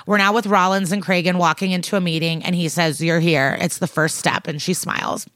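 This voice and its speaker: A woman's voice: lowish voice, fairly even intonation, a little fast, a bit bright, dry recording. A woman co-hosting a podcast, retelling a TV episode in casual chat and quoting the characters as she goes. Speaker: podcast co-host.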